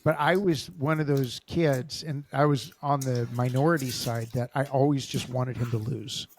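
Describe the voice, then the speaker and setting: A man, a podcast host telling stories in an animated way and laughing often. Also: mid-range voice, moderate pace, slight background noise. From Los Angeles, USA. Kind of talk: casual interview storytelling.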